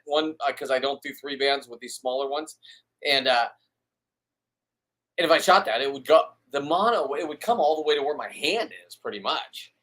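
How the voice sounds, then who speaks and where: A man's voice: mid-range voice, a bit bright. A man chatting casually as a fisherman hosting a live stream, rambling and blunt, with stammered restarts and swearing.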